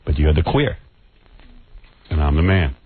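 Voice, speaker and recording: A man's voice: very deep voice, lively intonation, a little slow, slightly rough. A man hosting a radio show, taunting a rival in a crude, mock-menacing bit. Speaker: radio host. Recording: tinny lo-fi radio broadcast, faint hiss.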